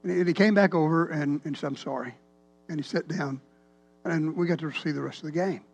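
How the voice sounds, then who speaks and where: A man, a pastor telling a rambling, animated story in a sermon. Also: on the high side, fast talker. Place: church sanctuary.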